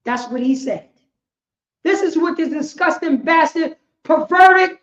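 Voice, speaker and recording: Casting note: high-voiced, fiery New York woman teacher, shouting and cursing, on a roomy, muffled stream. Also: a little slow. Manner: loud, impassioned, shouts and swears. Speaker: class teacher. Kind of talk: fiery street-style religious teaching. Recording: roomy, dull lo-fi stream audio.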